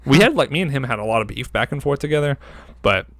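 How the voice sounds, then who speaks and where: Fast and fairly bright, a young podcast co-host's medium-pitched voice carries lively intonation on a dry recording. He spins a casual story in a loose, meandering way, packed with filler words and swearing.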